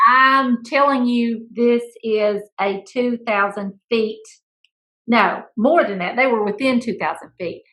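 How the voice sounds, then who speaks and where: A woman co-hosting a casual chat, telling a story with playful teasing and an animated delivery. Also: on the high side, slow pace, low-quality recording. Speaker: school principal, podcast co-host.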